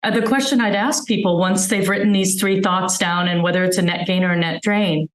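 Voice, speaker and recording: A woman's voice: fairly low pitch, steady tone, brisk, reverberant, rough recording. A woman physician giving a webinar talk, earnestly explaining with everyday examples over a video call. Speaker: physician guest speaker.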